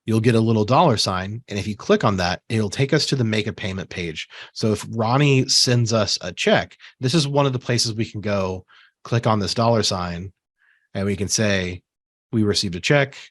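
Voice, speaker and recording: A software trainer leads a relaxed screen-share tutorial, chatting casually with fillers and asides while he has the hiccups. His voice sits on the low side at normal speed, with no echo.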